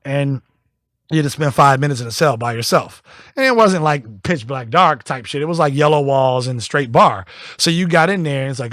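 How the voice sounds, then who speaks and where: A man's voice: medium pitch, normal speed, no echo, clean studio sound. A young adult man co-hosting a casual podcast, telling a story and acting out the people in it. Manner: animated, acts out quoted voices. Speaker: podcast co-host.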